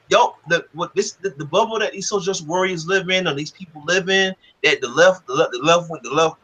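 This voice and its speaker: A man who talks fast and a little high, ranting heatedly in a casual podcast chat. His voice is bright and forceful, he swears constantly, and he acts out whole arguments with people he disagrees with. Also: poor audio. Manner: profane, fired-up, quotes others in mock exchanges. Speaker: comic book creator and podcast host.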